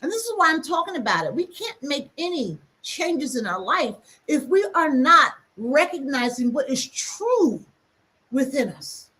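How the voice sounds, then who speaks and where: A woman hosting a reflective teaching talk, speaking emphatically and acting out quick asides. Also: sits high, very animated, pushed and bright. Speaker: host.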